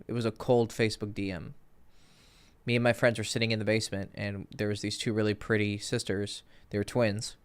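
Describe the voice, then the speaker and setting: A man's voice: mid-range voice, fairly bright tone. A man in his thirties, a dating coach, telling stories in a casual, rambling livestream Q&A with many fillers and restarts.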